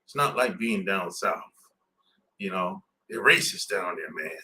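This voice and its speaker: A man's voice: low-pitched, animated, measured pace, bright, forceful tone. A man in casual podcast chat, blunt and slangy, laughing often as he talks. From southern United States. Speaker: podcast host.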